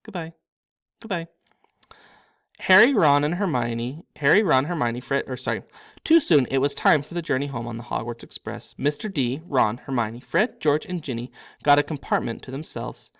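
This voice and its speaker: A man reading his own storybook aloud, animated, with occasional slips and self-corrections. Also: medium pitch, normal speed, gravelly. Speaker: narrator and author.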